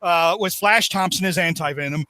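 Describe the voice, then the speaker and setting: Middle-aged male podcast co-host, brassy high voice, loose rambling delivery. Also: moderate pace, bright, forceful tone, no echo. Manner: rambling, laughing, acts out characters in quotes. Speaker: podcast co-host recapping comics. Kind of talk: casual chat.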